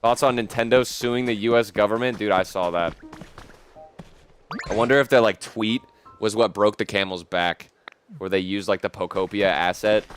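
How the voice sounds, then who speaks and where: A young man, a gaming streamer, chatting casually and excitedly over gameplay, full of slang. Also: lowish voice, normal speed, soft background music. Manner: animated, slangy, says "dude" a lot.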